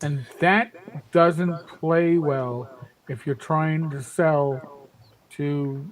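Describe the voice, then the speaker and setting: A man's voice: a little high, steady tone, drawn-out words, slight background noise, low-quality recording. A man in his fifties talking emphatically in a casual podcast chat, often repeating words as he starts a thought. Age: 50s. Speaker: panelist.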